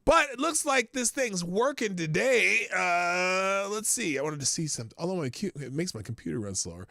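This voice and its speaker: A man's voice: high voice, very animated, normal speed, vocal fry, sharp tone, no echo. A man hosting a casual livestream show from a small home studio, rambling, profane and chuckling often. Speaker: host. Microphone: headphones with desk mic.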